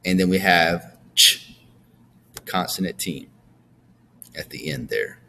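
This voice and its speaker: A man's voice: sits low, animated, measured pace, creaky, fairly bright tone, a little hiss or hum. A man teaching a phonics lesson to young students, patiently drilling words and checking in with "all right?".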